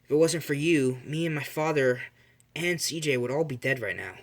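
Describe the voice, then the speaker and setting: A man voicing a rich young woman in an improvised fan story, insistent and a touch higher than his own voice. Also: normal speed.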